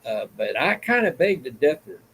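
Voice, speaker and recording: A man's voice: medium pitch, sing-song, moderate pace, a bit bright, slight background noise, poor audio. A man with a Southern US accent hosting a vlog, giving blunt, rambling opinion commentary in a plain-spoken way. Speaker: vlog host.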